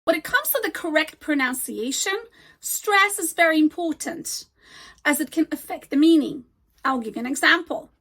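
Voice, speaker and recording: A woman teaching an English grammar lesson, slowly and deliberately modeling example words. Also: sits high, animated, bright, forceful tone.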